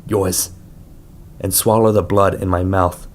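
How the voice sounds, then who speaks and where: A man reading a first-person audiobook in a measured, somber way. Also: sits low, steady tone. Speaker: audiobook reader.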